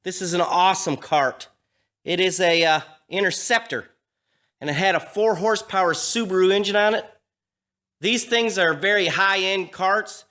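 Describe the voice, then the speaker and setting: A man's voice: high voice, normal speed, sharp tone. A man vlogging in a garage, telling a story casually with lots of fillers and restarts, recorded on a camera mic. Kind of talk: casual chat.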